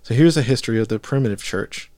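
A man hosting a podcast, reading a text aloud haltingly with fillers and skipped words. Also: mid-range voice, a little mellow, no room sound. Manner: reads haltingly, with fillers and skips. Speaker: podcast host.

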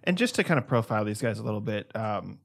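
A man hosting a baseball podcast, asking questions in a halting way with many pauses and fillers. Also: on the low side, animated, gravelly. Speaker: podcast host. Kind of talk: casual sports chat.

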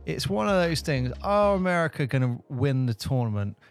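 A man's voice: a little high, expressive, moderate pace, faint music behind. A man with a British accent co-hosting a podcast in casual chat, rambling with fillers and restarts. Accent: British English. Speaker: podcast co-host.

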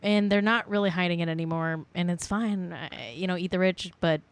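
A woman's voice: on the low side, a little fast, clean tone, no echo. A woman co-hosting a casual podcast, chatting about celebrity gossip in a rambling way with plenty of filler words. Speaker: podcast co-host.

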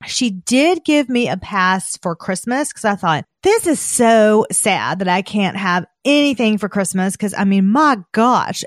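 A woman in her thirties from the American South, with a Southern accent, chatting casually as a podcast host and gushing with excited exclamations. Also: mid-range voice, no echo, studio quality. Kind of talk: casual chat.

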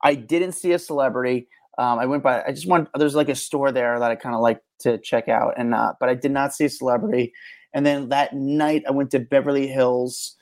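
A man's voice: medium pitch, fairly even intonation, fairly quick. A man co-hosting a podcast, telling rambling stories with many fillers and restarts. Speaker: podcast co-host. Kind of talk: casual chat.

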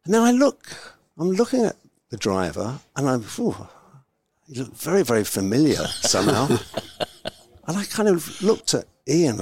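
A man's voice: mid-range voice, normal speed, breathy edge. An older man, a podcast guest, telling a long rambling anecdote and acting out the voices of the people in it. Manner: rambling, animated, acts out quoted voices. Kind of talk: casual storytelling.

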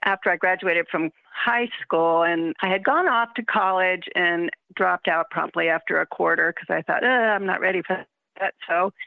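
A woman's voice: fairly low pitch, moderate pace, vocal fry, no echo. A woman, a longtime fan interviewed, casually and chattily recalling her youth. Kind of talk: casual recollection. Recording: tinny phone line.

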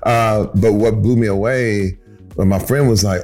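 A man's voice: on the low side, fairly even intonation, measured pace, a little mellow, soft background music. A man in his fifties from Flint, Michigan, telling his story in a hesitant, self-deprecating way, with many restarts and fillers. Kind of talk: casual storytelling chat.

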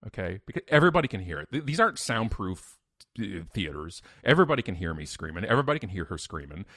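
A man, a podcast guest, telling a story in an emphatic, energetic way with sudden loud bursts. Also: lowish voice, quick pace, no echo, clean studio sound. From Canada. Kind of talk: animated storytelling in an interview.

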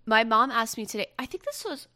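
A young woman hosting a casual pop-culture chat, gushing and chatty with quick asides. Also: on the high side, expressive, pushed and bright. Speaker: podcast host.

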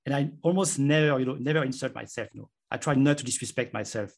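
Guy explaining stuff earnestly in an interview, talks fast, kinda gravelly. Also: mid-range voice. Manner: earnest, explanatory, talks himself through examples. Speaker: author and guest. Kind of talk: conversational interview.

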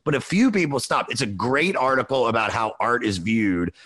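A man hosting a music podcast with a mid-range voice, talking in a loose, rambling way. He gets excitable and swears freely. The sound is close and dry, with no room around it. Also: medium pitch, normal speed, no room sound. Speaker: podcast host. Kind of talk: casual chat.

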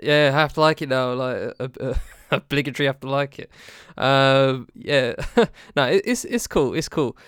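A man talks about an album in a halting, searching way, often trailing off and laughing. His voice is smooth and clear. The sound is dry and close. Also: mid-range voice, a bit bright, no echo. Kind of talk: casual music discussion.

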